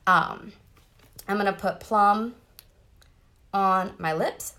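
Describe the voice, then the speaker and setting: A woman's voice: medium pitch, slow, sharp tone. A woman, chatting bubbly and direct to viewers during a casual live makeup tutorial, sitting in a car. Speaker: makeup seller doing a live demo. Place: parked car.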